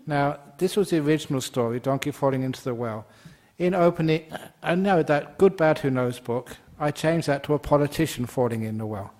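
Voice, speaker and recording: A man's voice: on the high side, fairly quick, few pauses, darkish tone. A man, a Buddhist monk, giving a dharma talk and telling stories playfully while laughing at his own jokes.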